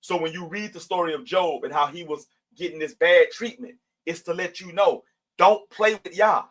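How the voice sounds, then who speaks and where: A middle-aged man teaches scripture in a conversational, preachy way. His voice sits slightly higher than most men's, and he reads the verses aloud and then explains them plainly. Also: a little fast, a bit bright, rough recording. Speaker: Bible study teacher. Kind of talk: livestream Bible teaching.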